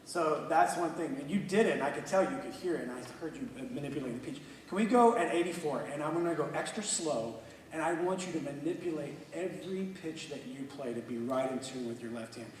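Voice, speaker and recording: A man coaching a student orchestra, energetic and encouraging, with quick bursts of praise. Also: on the high side, a little hiss or hum. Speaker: orchestra clinician. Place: large hall with an orchestra. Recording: echoey hall from far off, orchestra music.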